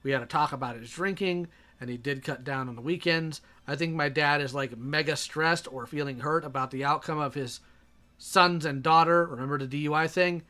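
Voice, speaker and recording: A man's voice: fairly high pitch, fairly quick, sharp tone. A man reading messages aloud and reacting in a sarcastic, exasperated way.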